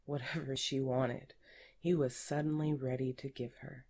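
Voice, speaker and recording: A woman narrating an erotic audiobook in a slow, breathy, intimate way that often falls to a whisper. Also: rumbling low, flat delivery, a little mellow.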